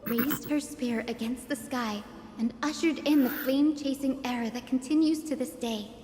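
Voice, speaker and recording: A woman voicing an earnest young woman from a warrior bloodline, speaking in a calm, reflective, measured way for a video game. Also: high voice, a little hiss or hum, lightly acted. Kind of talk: game voice acting. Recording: reverberant game audio with music.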